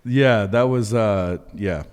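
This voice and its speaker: A man cohosting a casual podcast over beers, rambling and getting animated as he explains things. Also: fairly low pitch, slow pace, smooth. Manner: rambling, gets animated and laughs while explaining. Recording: long room reverb.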